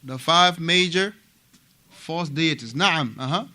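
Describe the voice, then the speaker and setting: A man from Africa leads a class in a mosque with a high, very bright voice. He lectures in an animated way, repeating himself and checking on his students with quick questions. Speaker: mosque teacher.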